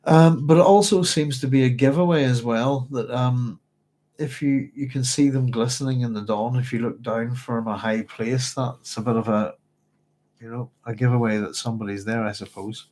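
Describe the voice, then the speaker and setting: A man's voice: medium pitch, steady tone, normal speed, darkish tone, low-quality recording. Man, mid-range voice, dry strained throat, rambling, filler-heavy discussion host. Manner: rambling, hesitant, with many fillers. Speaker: book club host. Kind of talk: livestreamed book discussion.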